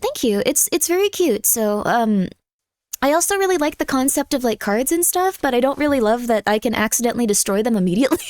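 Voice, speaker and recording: Woman streamer, slightly high voice, scattered rambling chat, dry close sound. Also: smooth, dry recording. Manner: rambling, scattered, self-interrupting; chatty, reads out viewer messages. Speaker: livestreamer. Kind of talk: casual livestream chat.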